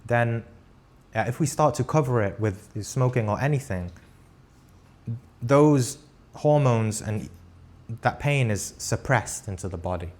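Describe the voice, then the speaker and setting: A man's voice: medium pitch, animated, a little mellow. A man teaching a live spiritual class, recounting an experience in short, earnest phrases and often checking in with "right?". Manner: talks in short halting phrases with frequent restarts.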